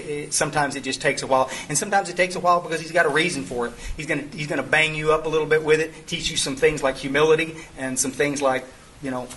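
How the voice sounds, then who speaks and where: A man's voice: fairly high pitch, bright, forceful tone, a little hiss or hum. A middle-aged man, telling a rambling, humorous story to a recovery group, full of restarts. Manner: rambling, self-interrupting, humorous. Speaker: sponsor leading a twelve-step study. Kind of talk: folksy storytelling talk to a group.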